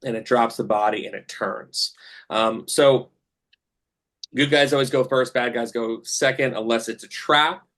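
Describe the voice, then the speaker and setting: A man runs a tabletop session as game master, describing scenes in a loose, halting way packed with fillers. His voice sits at an ordinary middle pitch for a man. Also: fairly even intonation, fairly bright tone.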